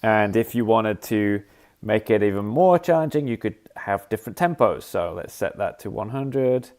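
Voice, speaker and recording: A man's voice: lowish voice, animated, normal speed, darkish tone. A man casually demonstrating a music app on a live stream, thinking aloud and scatting rhythms. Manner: thinks aloud while clicking, scats rhythms as "da da". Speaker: app developer demonstrating features.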